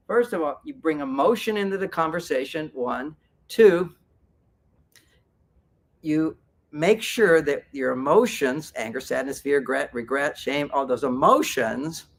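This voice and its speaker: An older man, a therapist, giving a lively talk at a fair and acting out quoted voices with big pitch jumps. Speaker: speaker at a spiritual fair. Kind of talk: lecture to an audience.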